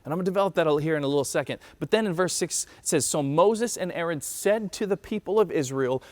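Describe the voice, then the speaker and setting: A man's voice: fairly high pitch, quick pace, hardly any pauses, a little mellow, no room sound. A man in his thirties preaching a conversational sermon, telling stories in a self-deprecating way. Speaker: pastor. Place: church during lockdown livestream.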